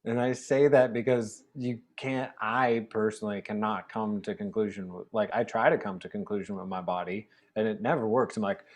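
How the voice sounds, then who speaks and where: A man as a guest on a video-call interview, chatty and animated, acting out dialogue and laughing often. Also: lowish voice, a little fast, hardly any pauses. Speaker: guest facilitator. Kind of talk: casual storytelling interview.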